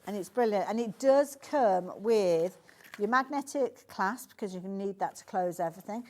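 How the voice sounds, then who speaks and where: A woman's voice: medium pitch, moderate pace, a little mellow. A woman with a Birmingham accent presenting sewing products on a live shopping channel, chatty and enthusiastic with lots of asides. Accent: Birmingham (Brummie). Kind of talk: live TV sales demonstration.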